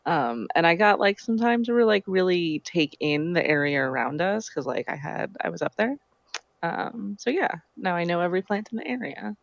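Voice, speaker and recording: A woman's voice: on the low side, expressive, moderate pace, gravelly, dry recording, lo-fi sound. A woman playing a tabletop game in casual chat, talking in a hesitant, apologetic way. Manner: hesitant, apologetic, with light laughs.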